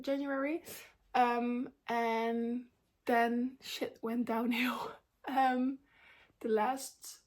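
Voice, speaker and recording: A young woman vlogger with a fairly high but darkish-toned voice talks openly to her camera about a personal life update. Candid and chatty, she speaks in loose sentences packed with "um" and "like."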